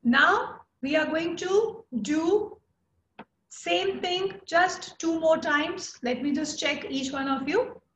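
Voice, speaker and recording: A young woman with an Indian English accent leading a chair yoga class, encouraging students by name with slow, steady cues. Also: extremely high pitch, roomy sound, a little hiss or hum. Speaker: yoga instructor.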